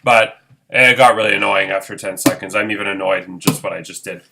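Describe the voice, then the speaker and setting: A man's voice: lowish voice, fairly even intonation, brisk, gravelly, background noise. Goofy, irreverent male game-show host. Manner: goofy, irreverent, playful asides. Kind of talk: jokey game-show hosting.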